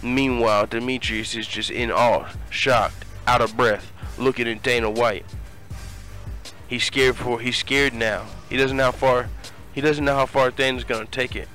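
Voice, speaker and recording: A man's voice: medium pitch, normal speed, music in the background. A man who hosts an online fight channel, telling a crude comedic story with lots of swearing and laughter. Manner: profane, animated, laughing often. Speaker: MMA YouTube host.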